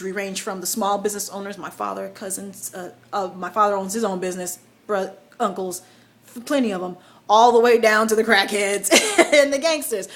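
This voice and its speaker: A woman's voice: medium pitch, fairly bright tone. A young American woman talks straight to camera in a casual opinion vlog. She is conversational and opinionated, leaning hard on the words she wants to land. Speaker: vlogger.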